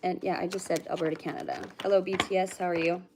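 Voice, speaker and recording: A woman's voice: fairly low pitch, little pitch movement, fast, noisy background. A woman who is a psychic medium, chatting casually with livestream viewers. She greets them by name and hums and mutters to herself between readings.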